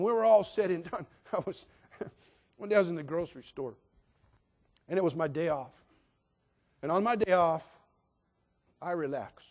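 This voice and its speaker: A male pastor delivering a sermon in a slightly higher-than-usual voice. He preaches with humor and drive, rising to loud, emphatic bursts and then dropping to low, confiding asides.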